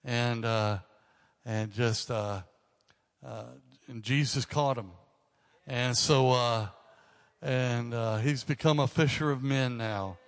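A man's voice: mid-range voice, fairly even intonation, takes it slowly. A man in his sixties, a pastor, addressing his congregation in a casual way with joking asides. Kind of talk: sermon talk to a congregation. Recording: reverberant church hall.

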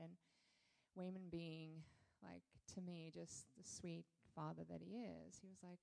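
A woman speaks to a church congregation, sharing a candid personal testimony with lively storytelling and frequent fillers. Her voice is mellow and dark, with a gravelly fry, and it sits on the lower side for a woman. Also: unhurried, poor audio.

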